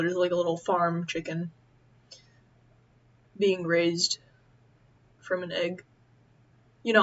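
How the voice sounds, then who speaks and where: A young woman chatting casually as she eats, rambling and halting with many fillers. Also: fairly low pitch, a bit bright, lo-fi sound. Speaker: vlogger. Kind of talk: casual chat while eating.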